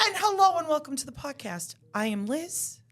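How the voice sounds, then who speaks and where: A woman's voice: sits high, sing-song, moderate pace, fairly bright tone. A woman co-hosting a podcast in casual, playful chat, joking and swearing freely. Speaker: podcast co-host.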